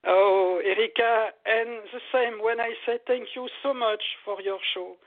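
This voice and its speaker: High-voiced man over a phone-like line. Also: measured pace. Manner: animated, repetitive, laughs often. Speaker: meditation teacher, guest. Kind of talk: casual interview.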